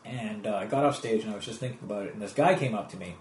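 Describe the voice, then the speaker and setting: A man's voice: on the low side, very fast, slight background noise. Canadian man telling comedy stories. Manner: rambling storyteller with many restarts. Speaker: guest comedian. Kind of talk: casual podcast interview. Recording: echoey room.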